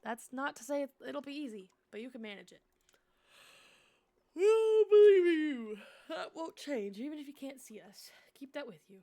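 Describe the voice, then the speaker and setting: Woman as a comforting lake in a storybook game, soft, steady, slightly gravelly. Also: sits high, brisk, hardly any pauses. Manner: calm, comforting. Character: gentle reassuring lake spirit.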